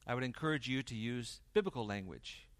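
A man preaching a sermon, swinging from loud emphasis to quiet intensity and acting out the dialogue he quotes. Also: medium pitch, lively intonation, brisk, dry recording. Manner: acts out quoted dialogue in varied voices. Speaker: pastor.

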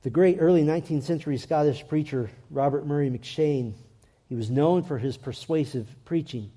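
A man's voice: on the high side, normal speed, warm tone. A man preaching a sermon in an earnest way, his voice rising and swelling when he reads scripture aloud.

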